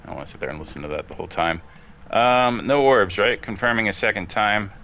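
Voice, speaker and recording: A man's voice: lowish voice, fast talker, bright, forceful tone. A man chatting casually as he plays a ghost-hunting game, musing aloud and calling out questions to the ghost. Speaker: gamer streaming his play. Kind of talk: casual commentary while playing.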